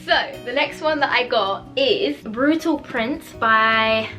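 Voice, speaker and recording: A woman chatting casually about books she has bought, bubbly and giggly, with animated outbursts. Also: a little high, slow pace, over music. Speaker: book vlogger. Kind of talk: casual book haul chat.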